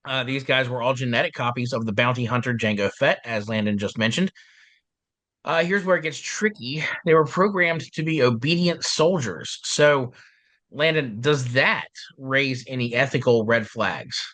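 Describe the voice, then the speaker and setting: A male podcast host chatting casually, joking and filling with "uh", his voice a little deeper and rough after being ill. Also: normal speed, fairly bright tone, no echo. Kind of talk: casual chat.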